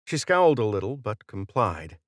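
Low, dry-voiced male narrator. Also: big pitch swings, moderate pace, no echo. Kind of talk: audiobook narration.

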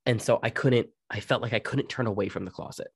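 A young man co-hosting a podcast, casually telling ghost stories and swearing freely in relaxed chat. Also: fairly low pitch, fast, vocal fry, husky, no room sound. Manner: relaxed, swears freely, quotes others in his own voice. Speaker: podcast co-host.

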